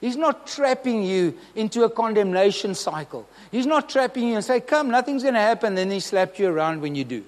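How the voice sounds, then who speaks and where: A man's voice: sits high, very animated, brisk, few pauses, long reverb tail. A man preaching a sermon, earnest and emphatic, asking the congregation questions.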